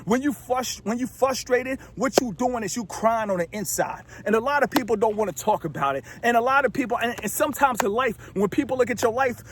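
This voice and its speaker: A motivational vlogger with a very high-pitched voice talks briskly with few pauses over background noise. Filmed outdoors in a remote desert spot, his casual monologue to viewers is preachy, repetitive, and packed with rhetorical questions.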